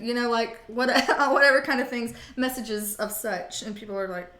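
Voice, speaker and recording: A woman's voice: on the high side, fairly quick, hardly any pauses, a bit bright, reverberant. A woman doing a casual live tarot reading, chatty and jokey, rambling and swearing freely. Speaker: tarot reader.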